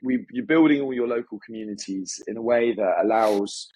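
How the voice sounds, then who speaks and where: Low husky-voiced man, upbeat guest. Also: dark tone, low-quality recording. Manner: upbeat, talks in quick bursts with many restarts. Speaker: guest, agency founder. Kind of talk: casual interview talk.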